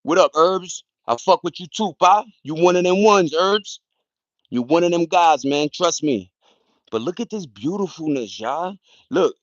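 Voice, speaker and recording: A man chatting loosely on a livestream, using street slang and shouting out viewers by name. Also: fairly high pitch, expressive, measured pace, no room sound, muffled recording. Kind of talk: casual rambling livestream chat. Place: at home in the countryside, partly outdoors.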